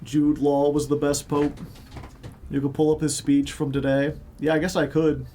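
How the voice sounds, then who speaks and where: Chicago guy streaming, higher-ish voice, lots of "like"s, faint music under him. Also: little pitch movement, normal speed, dark tone. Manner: rambling, many "like" fillers and joking asides. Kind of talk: casual chat with stream viewers.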